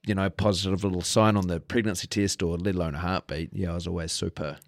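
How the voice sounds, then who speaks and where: A man's voice: sits low, steady tone, fast talker, no room sound, studio quality. A man in his thirties, an interview guest, talking in a laid-back, rambling way as he shares his story. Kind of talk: candid interview conversation.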